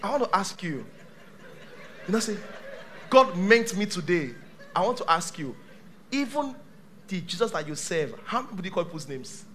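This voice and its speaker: A male pastor preaching a sermon to a live church congregation, dramatic, swinging from shouts to hushed tones. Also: high voice, big pitch swings, moderate pace, pauses often, a little hiss or hum.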